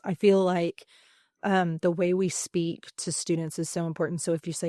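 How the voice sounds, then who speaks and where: A woman who teaches high school theatre, speaking earnestly and emphatically in a podcast interview, with many fillers and pauses. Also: level tone, warm tone, no room sound, clean studio sound. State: emotional.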